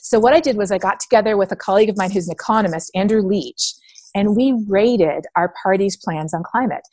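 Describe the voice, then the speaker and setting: Animated woman from Canada, dry sound. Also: medium pitch, a little fast, no room sound. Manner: animated storytelling, acts out quoted voices. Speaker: interview guest. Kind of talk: casual interview talk.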